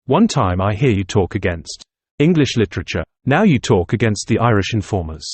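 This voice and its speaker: A man's voice: lowish voice, very animated, moderate pace, darkish tone, slightly rough, no room sound. A man voicing a simple, earnest young male student nationalist who talks in a plain, homely way, in an audiobook reading. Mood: chiding.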